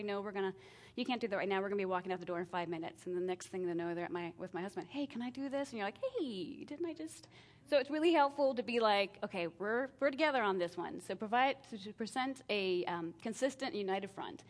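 A middle-aged woman talking casually about parenting and discipline, acting out exchanges with her kids in lively voices and laughing at herself. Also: medium pitch. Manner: animated, acts out family exchanges with self-deprecating laughs. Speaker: parenting speaker.

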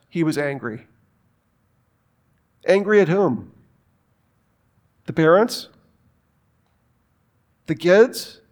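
A man preaching a sermon in an emphatic way, asking rhetorical questions and making joking asides. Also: high voice.

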